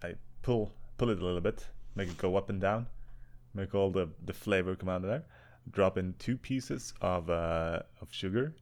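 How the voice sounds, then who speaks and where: A young Swedish man co-hosting a podcast in casual chat, deadpan and often swearing. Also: deep voice, normal speed. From Sweden. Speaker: podcast co-host.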